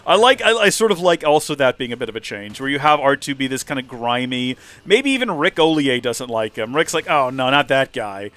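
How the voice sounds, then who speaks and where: A man's voice: mid-range voice, big pitch swings, brisk, few pauses, a bit bright. A man casually commentating a game livestream, rambling animatedly and acting out quotes. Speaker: let's play streamer.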